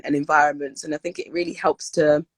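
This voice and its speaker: A woman's voice: sits low, flat delivery, fast, no room sound. A young woman, a guest in a casual interview, talking in an upbeat, loose way with many fillers and repeated words. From United Kingdom.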